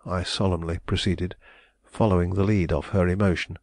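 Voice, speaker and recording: Man, audiobook narrator, deep voice, measured, solemn, dry recording. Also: fairly even intonation, darkish tone, no echo.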